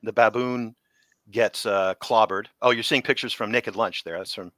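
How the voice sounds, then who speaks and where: Middle-aged man, effects veteran guest, chatty storyteller, low bright voice, dry close mic. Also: moderate pace, no room sound. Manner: animated anecdotes, laughs often, acts out quotes. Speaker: special effects artist guest. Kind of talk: casual interview storytelling.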